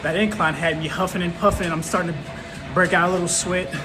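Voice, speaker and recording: A man's voice: high-pitched, steady tone, fairly quick, music in the background. A man vlogging casually about his workout, chatty and easygoing, recorded on a built-in camera mic with no proper microphone. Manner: chatty, easygoing, thinks aloud. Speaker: fitness vlogger. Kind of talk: casual unscripted vlog talk. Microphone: built-in camera mic, no external microphone. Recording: noisy background, no proper microphone.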